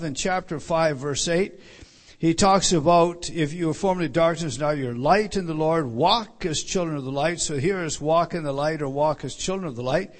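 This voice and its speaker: A man with a slightly high voice gives an evening Bible teaching, working through verses and stressing each quoted line. He often repeats a word as he begins a sentence.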